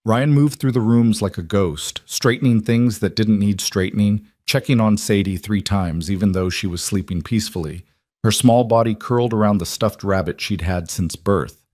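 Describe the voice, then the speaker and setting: A man narrating an emotional story in a calm, measured, scripted reading. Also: lowish voice, no room sound, clean studio sound.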